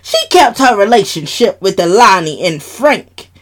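Brash crude auntie done by a woman, loud and blunt, voice swinging all over, slow drawl. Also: medium pitch, animated. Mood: gossiping. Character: brash gossiping middle-aged aunt, crude.

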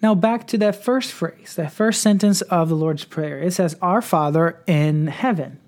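Male preacher, somewhat high-pitched, measured earnest scripture reading for a devotional podcast. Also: a little mellow.

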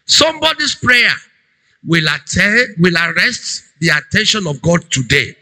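A man preaching a sermon as a pastor, emphatic, swinging between loud cries and low urgent tones. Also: big pitch swings, a little slow, creaky, low-quality recording.

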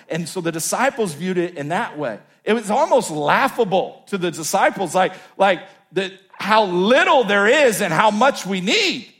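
A man, a pastor, preaching an energetic, joking sermon with many repetitions. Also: high voice, moderate pace, few pauses. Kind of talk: humorous sermon.

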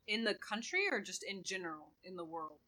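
Podcast co-host, bright, crisp tone, loose and hesitant delivery. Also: mid-range voice, lively intonation, fairly quick, poor audio. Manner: conversational, hesitant, with fillers. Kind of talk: casual discussion.

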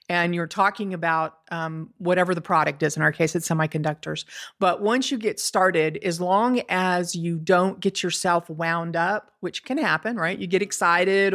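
Easygoing woman, low-pitched, laughing often. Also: fairly bright tone. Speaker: guest, semiconductor negotiator. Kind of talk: casual interview chat.

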